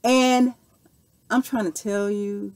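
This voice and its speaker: Woman, 40s, earnest vlogger answering viewer questions, slightly low voice. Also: normal speed. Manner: earnest, animated storytelling with repeated "okay" and "you know". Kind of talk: casual Q&A monologue.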